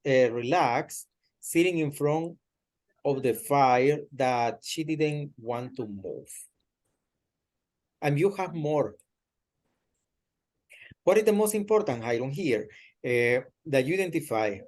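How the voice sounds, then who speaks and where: A man teaches English over a video call, speaking slowly and patiently. His voice sits a little high, and he often stops to feed his student the right word. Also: darkish tone. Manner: slow, patient, corrects and prompts the student word by word. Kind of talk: online English lesson.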